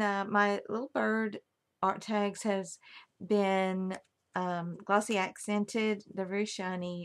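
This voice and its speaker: A woman's voice: medium pitch, creaky, slight background noise. A woman casually showing off a handmade album she crafted, gushing over every detail. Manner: gushing, admiring each detail. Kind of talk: casual craft show-and-tell.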